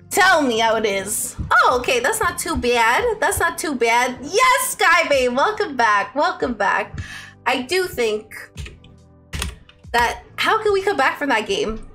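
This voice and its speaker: A woman streams a game live and talks to her viewers in an excitable, bubbly way. Her voice sits high and swoops all over, with a bright, sharp edge. Faint music plays behind her. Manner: excitable, shrieks and laughs during tense play.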